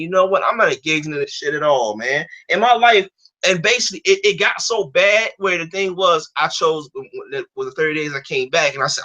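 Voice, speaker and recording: A man's voice: high voice, pushed and bright, poor audio. A man in his twenties hosting a stream, telling a personal story in heated, profane casual talk. His speech is blunt and full of swearing. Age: 20s. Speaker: stream host.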